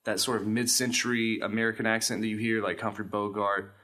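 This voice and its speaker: A man's voice: fairly low pitch, flat delivery, brisk, bright, forceful tone. A man hosting a podcast in casual chat, explaining things at length with stammered restarts. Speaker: podcast host.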